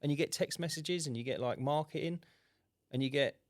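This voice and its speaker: A man, co-hosting a casual podcast and telling animated stories, acting out customer dialogue. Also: a little high, fairly quick, dry recording, clean studio sound. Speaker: podcast co-host, window cleaner. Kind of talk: casual chat.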